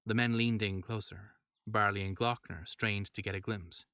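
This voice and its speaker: Low-voiced man reading a horror story. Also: normal speed, clean tone, dry recording. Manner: steady narration with wry asides. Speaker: narrator.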